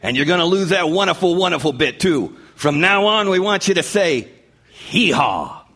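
A man's voice: high-pitched, lively intonation, moderate pace, fairly bright tone, exaggerated voice. A man playing a smug network executive. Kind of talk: comedy sketch.

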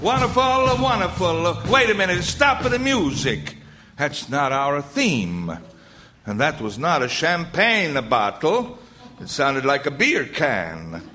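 A man's voice: fairly high pitch, wildly swooping pitch, a little slow, few pauses, a bit bright, faint music behind, heavily acted. A man doing a flustered old bandleader. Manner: flustered, sputtering questions. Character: flustered old bandleader, an impression of a famous TV maestro. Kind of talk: comedy sketch.

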